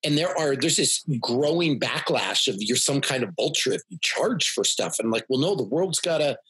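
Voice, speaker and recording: A man's voice: medium pitch, normal speed, breathy edge. A man hosting a podcast, a fitness coach talking earnestly and chiming in during a casual chat. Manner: earnest, animated, interjecting.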